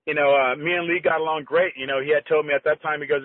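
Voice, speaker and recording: Husky middle-aged man on a tinny call. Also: on the high side. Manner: animated, halting with restarts, acts out quoted dialogue. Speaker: guest, former competitive bodybuilder. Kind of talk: conversational storytelling. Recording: tinny phone-line audio, dry.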